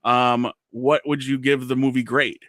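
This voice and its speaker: A man hosting a casual podcast, joking and teasing his co-host with quick asides. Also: medium pitch, little pitch movement, a bit bright, no room sound.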